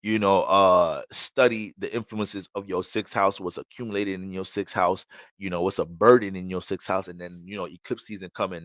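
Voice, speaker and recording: A man's voice: lowish voice, a bit bright, no room sound. A man giving an astrology reading in a casual, blunt way, full of profanity and street slang.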